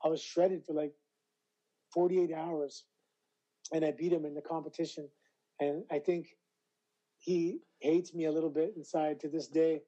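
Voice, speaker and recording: Bright-voiced Canadian man telling stories. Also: fairly high pitch, normal speed, pauses often, dull audio. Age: 40s. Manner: animated storyteller, acts out quoted voices. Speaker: guest, retired wrestler. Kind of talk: casual interview.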